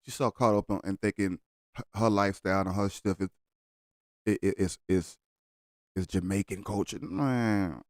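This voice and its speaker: Man, low voice, heated reaction commentary, dry close sound. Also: normal speed, a little mellow, no room sound. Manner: blunt, heated, argumentative. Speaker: reaction video host.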